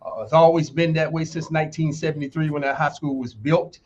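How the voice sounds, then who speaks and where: A man's voice: on the high side, fairly even intonation, brisk, darkish tone, highs cut off. A man in his sixties from North Carolina with a Southern accent, chatting easygoingly as an interview guest. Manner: easygoing, says "man" often. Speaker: guest, former football player. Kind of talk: casual interview chat.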